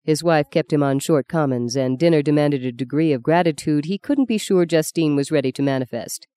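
An audiobook narrator reading a novel in a measured, even storytelling manner. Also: mid-range voice, clean tone.

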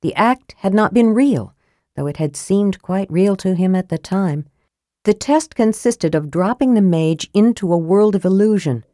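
A woman narrating a fantasy audiobook in a measured, grave storytelling manner, close to a studio microphone. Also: medium pitch, warm tone, no room sound.

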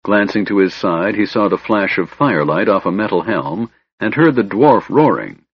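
A man reading a fantasy audiobook in a measured, dramatic narration. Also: fairly low pitch, lively intonation, breathy edge, no room sound. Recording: dull lo-fi recording, dry.

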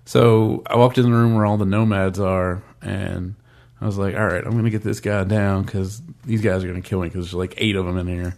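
A man in casual conversation, excitedly recounting something that happened to him in a video game. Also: low-pitched, a little fast, gravelly. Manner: storytelling, excitable, quotes himself. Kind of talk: casual chat about video games.

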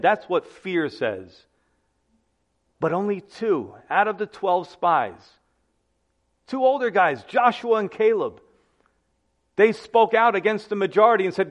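High-voiced preaching man, dull recording. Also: animated, a little slow. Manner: emphatic, repeats key phrases, addresses listeners as guys. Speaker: pastor. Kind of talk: sermon.

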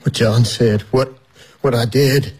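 An actor playing a guilt-ridden young man who speaks haltingly, with a raspy voice. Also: mid-range voice, fairly even intonation, a little mellow. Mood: hesitant. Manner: hesitant, halting.

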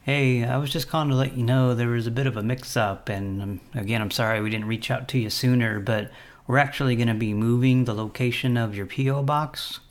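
A man making prank phone calls, taunting and teasing the people he calls in a calm voice. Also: mid-range voice, brisk. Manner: mocking, taunting, calmly teasing. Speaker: prank caller.

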